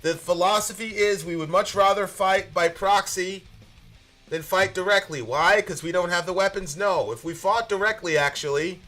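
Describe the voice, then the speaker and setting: A man in his thirties talks through the news as a podcast co-host. His voice is bright and forceful and sits a little high, and he pushes hard on his points, rambling and restarting as he goes. Soft guitar music plays behind him. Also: normal speed. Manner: animated, emphatic, rambling with restarts. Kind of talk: casual political commentary.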